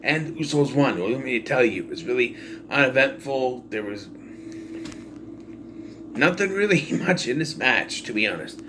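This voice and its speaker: A man's voice: mid-range voice, moderate pace, long pauses. Young guy ranting about wrestling, exasperated, swears a lot, voice all over the place, faint background hiss. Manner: animated, exasperated ranting with profanity. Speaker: wrestling pay-per-view reviewer. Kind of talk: casual opinionated recap.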